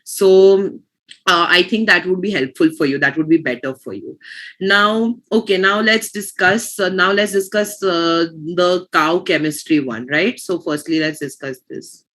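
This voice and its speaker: A woman's voice: lowish voice, measured pace, a bit bright. A woman teaching pronunciation in an online class, explaining patiently and restarting her phrases.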